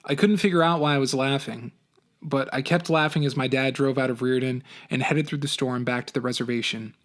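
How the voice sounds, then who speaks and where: A man, a teacher, reading a novel aloud for his class, with an expressive, animated first-person delivery. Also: mid-range voice, fairly quick.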